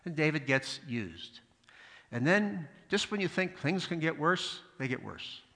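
Male preacher, bright tone, storytelling sermon, long hall reverb. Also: on the high side, big pitch swings, a little slow. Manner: storytelling with asides, acts out voices in stories. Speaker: pastor.

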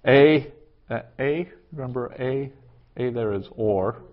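A man teaching a class, working through a translation aloud in a halting way with many fillers. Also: medium pitch. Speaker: Greek teacher. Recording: dull lo-fi classroom recording.

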